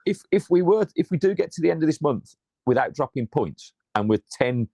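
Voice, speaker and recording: A man co-hosting a casual football podcast, excitable, swearing freely and repeating himself as he talks. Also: on the high side, brisk. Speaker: podcast co-host.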